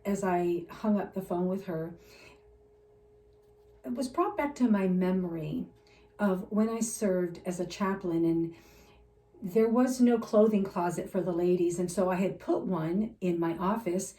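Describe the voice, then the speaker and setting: A woman's voice: on the low side, measured pace, warm tone, recorded from a distance. A woman life coach sharing personal faith stories in an earnest, heartfelt storytelling manner, sometimes holding back tears. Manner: earnest storytelling, emotional at times. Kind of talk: faith-based personal talk. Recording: roomy sound, a bit off-mic.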